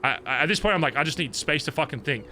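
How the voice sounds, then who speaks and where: A man in a roleplay scene, recounting a betrayal in a heated, profane rant. His voice is bright and tense, pitched a little high. It swings widely as he vents. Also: very fast, soft background music. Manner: heated, profane venting, animated retelling. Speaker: streamer in character. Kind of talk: in-character roleplay conversation.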